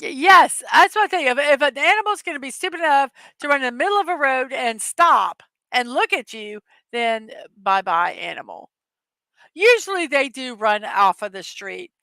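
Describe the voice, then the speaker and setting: A woman's voice: sits high, lively intonation, moderate pace, few pauses, pushed and bright, no room sound. A middle-aged woman hosting a casual morning chat show, telling rambling stories and laughing often. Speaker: host.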